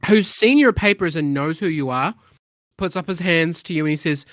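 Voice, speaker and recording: A man's voice: on the high side, fairly bright tone, no room sound, studio quality. A man narrating as game master of a tabletop role-playing game, loose and full of fillers. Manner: loose, filler-heavy narration with quick voiced asides.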